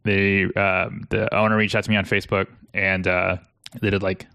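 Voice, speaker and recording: A man's voice: sits low, little pitch movement, moderate pace, creaky, bright, forceful tone, smooth, no room sound. An American man co-hosting a business podcast, chatting in a rambling, self-deprecating way and laughing often. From United States. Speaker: agency co-host. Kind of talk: casual podcast chat.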